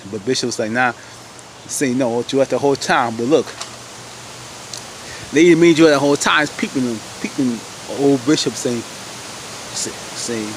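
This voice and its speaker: A man casually recapping a TV episode, animated, exclaiming and laughing as he retells the scenes. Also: medium pitch, moderate pace, long pauses, noisy background. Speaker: TV episode reviewer.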